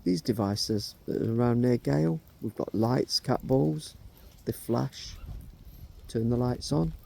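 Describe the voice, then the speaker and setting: A middle-aged man on a ghost hunt, calling out slowly and coaxingly to spirits and asking their names. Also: mid-range voice, creaky, warm tone. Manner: slow, coaxing questions to spirits. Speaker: paranormal investigator.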